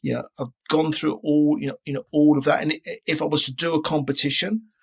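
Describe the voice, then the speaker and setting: A man's voice: fairly high pitch, flat delivery, fairly quick, vocal fry, breathy edge. A man around sixty, a guest in a casual interview, talking in a rambling way with many restarts. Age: 60s. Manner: rambling, frequent restarts and filler phrases.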